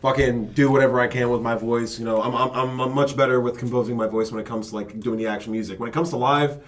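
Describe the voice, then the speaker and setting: A young man talking casually as a guest on a podcast. He is laid-back and self-deprecating, dropping curse words as he goes. His pitch sits in an ordinary middle range. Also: steady tone, fast talker. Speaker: band vocalist.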